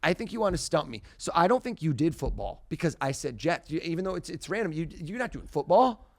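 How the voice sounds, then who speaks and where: Man, mentalist guest, theatrical, punches up to loud reveals, raised pitch. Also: brisk, creaky. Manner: theatrical, rising to loud excited bursts. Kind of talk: live mind-reading performance.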